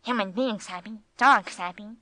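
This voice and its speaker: A woman reading the part of a good-natured old male dog who speaks gravely and dryly. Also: mid-range voice, moderate pace, bright, forceful tone, dry recording, close to an everyday voice. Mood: dry, wry. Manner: grave, sober delivery.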